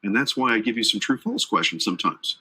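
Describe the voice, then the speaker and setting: This Atlanta-based man teaches a live online lecture for a certification exam, joking and chatting with listeners between points. His lowish voice is animated, quick and sharp, slightly rough, captured on a low-quality recording.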